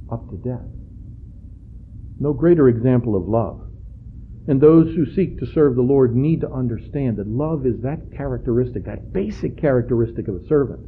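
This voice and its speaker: A man preaching a sermon in a church, earnest and halting, rising in pitch on key phrases. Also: a little hiss or hum. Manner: halting, frequent uh and restarts. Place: church sanctuary. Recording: tinny phone-like church recording.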